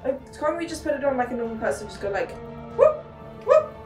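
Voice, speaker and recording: A woman playing a VR game who chats to herself in an excitable way, with many exclamations, recorded from a distance in an echoey room. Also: sits high, racing, faint music behind. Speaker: gamer streamer.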